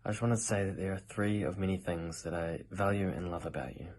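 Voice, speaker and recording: A man, giving a soft, measured tribute to his grandmother, point by point. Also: sits low, steady tone. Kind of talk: heartfelt family tribute message.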